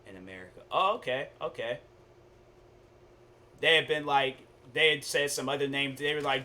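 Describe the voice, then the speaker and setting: A young man streaming a game, chatting casually with viewers and telling stories in relaxed slang. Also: medium pitch, moderate pace, slight background noise. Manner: laid-back, chatty, storytelling with slang. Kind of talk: casual gaming stream chat.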